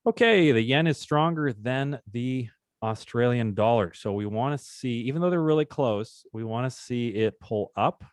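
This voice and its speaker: In clean, echo-free studio sound, a man with a medium-pitched voice speaks at normal speed while running a casual live trading demo. He talks through charts cheerfully and trades jokes with the group.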